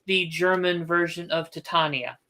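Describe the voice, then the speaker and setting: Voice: mid-range voice, fairly even intonation, normal speed, sharp tone. An author hosting a casual book livestream, thinking aloud with restarts and firm opinions.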